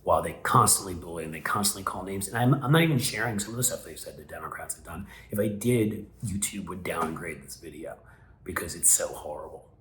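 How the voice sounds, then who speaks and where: A man's voice: deep voice, fairly quick, a bit bright, slight background noise. A man hosting casual political commentary, talking in a sarcastic, mocking way. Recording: roomy echo.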